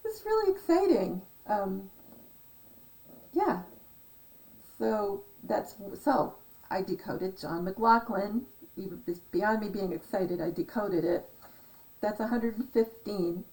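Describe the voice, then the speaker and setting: A woman talking in a chatty, excitable monologue, often trailing off with fillers as she explains her number decoding. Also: mid-range voice, slow pace, long pauses, recorded from a distance, rough recording. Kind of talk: casual rambling monologue.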